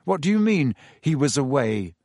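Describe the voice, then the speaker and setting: A man's voice: mid-range voice, sing-song, normal speed, darkish tone, no echo, studio quality. A man reading aloud voices an earnest teenage boy who speaks plainly and asks questions. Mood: puzzled.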